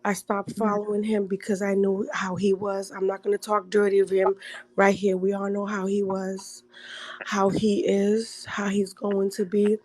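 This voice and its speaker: A woman joining a livestream as a guest, tearful and speaking in an earnest, halting way. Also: medium pitch, completely flat delivery, a little mellow, no room sound, low-quality recording. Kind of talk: emotional casual talk.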